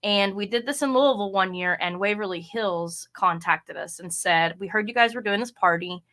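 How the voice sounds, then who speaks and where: A woman in middle age, talking as a podcast guest with a bright, clear voice. She tells her stories chattily and drops into little acted-out quotes along the way. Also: medium pitch, normal speed. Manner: chatty storyteller, acts out quotes. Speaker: podcast guest, haunted house reviewer. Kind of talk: casual interview chat.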